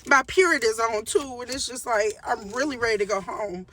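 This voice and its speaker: A woman's voice: fairly high pitch, brisk, a bit bright, recorded from a distance, a little hiss or hum. A woman telling a storytime to her viewers in a casual rant, emphatic and repeating her phrases with frequent restarts.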